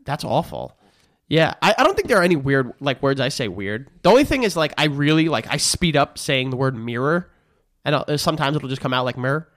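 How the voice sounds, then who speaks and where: A man's voice: mid-range voice, big pitch swings, a little fast, a bit bright. A man guesting on a podcast with a nasal voice, just over the flu, joking wryly in casual chat. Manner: wry, joking. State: recovering from flu.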